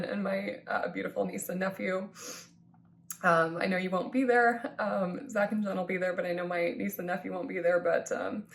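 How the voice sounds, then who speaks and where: A woman's voice: fairly low pitch, gravelly, slight background noise. A woman in her thirties giving a heartfelt, tearful thank-you in a personal vlog, with many ums and restarts. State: tearful, crying at times. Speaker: vlogger thanking supporters.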